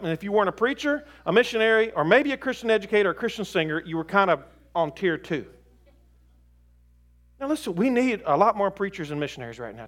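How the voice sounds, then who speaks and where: In a high-pitched voice, a middle-aged man delivers a sermon to a live audience, animated and emphatic, tossing in folksy humor as he goes.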